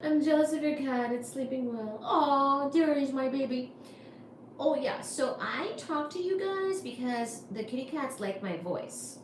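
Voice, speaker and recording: Playful woman chatting on a livestream. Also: high voice. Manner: playful, laughs often, soft and drawn-out. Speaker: livestream host. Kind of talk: casual livestream chat reading comments. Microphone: iPad. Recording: roomy echo with faint background noise.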